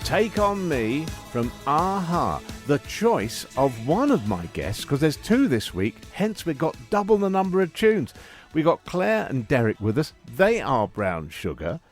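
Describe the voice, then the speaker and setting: A man hosting a radio music interview in a studio, chatty and upbeat, quick to joke with his guests. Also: fairly high pitch, sing-song. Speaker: radio presenter. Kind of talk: friendly radio interview chat.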